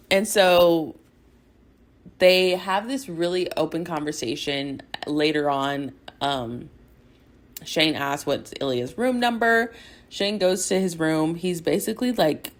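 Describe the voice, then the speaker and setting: A young woman hosting a podcast, gushing in a rambling casual chat full of "like" and laughter as she recaps a TV episode. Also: lowish voice. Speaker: podcast host.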